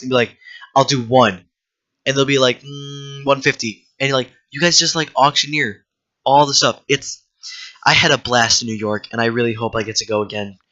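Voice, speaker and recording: A man's voice: medium pitch, no echo, muffled recording. A man giving casual commentary while playing a trivia game, rambling into stories and swearing freely. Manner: rambling, excitable storyteller who swears freely. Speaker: gaming video creator.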